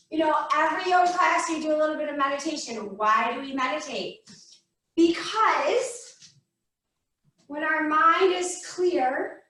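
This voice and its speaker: A woman's voice: sits high, a bit bright. A woman teaching a kids yoga class over a video call, giving playful sing-song cues for the children to repeat. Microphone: laptop video call mic. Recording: roomy echo, far from the mic.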